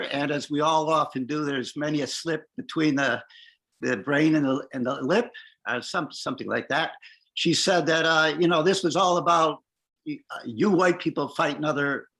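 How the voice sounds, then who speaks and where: A man speaking in a community discussion over a video call, halting with many restarts and fillers. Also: mid-range voice, fairly bright tone, rough recording. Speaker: discussion participant.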